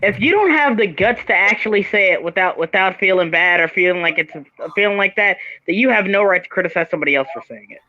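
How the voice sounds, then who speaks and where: A man's voice: high-pitched, lively intonation, fast, hardly any pauses. A man speaking bluntly and outspokenly in casual chat with friends, on a slightly muffled lo-fi microphone.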